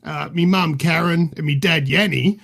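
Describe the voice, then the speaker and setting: A man's voice: fairly high pitch, moderate pace, gravelly, a bit bright. A man with an Australian accent playing a crude, boastful middle-aged bloke who rambles and swears as a podcast guest. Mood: cheeky. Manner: cheeky, rambling, swears freely. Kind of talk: improvised comedy character.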